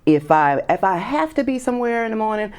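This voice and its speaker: A woman hosting an interview in a chatty, playful way with quick affirmations. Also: mid-range voice, very animated, darkish tone. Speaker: interview host. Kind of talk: casual interview chat.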